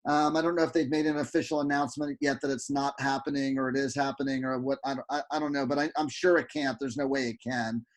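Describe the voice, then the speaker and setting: A man's voice: mid-range voice, fast, few pauses. A man, a guest photographer, telling a rambling story with fillers and restarts on a video call. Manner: animated, lots of restarts and fillers.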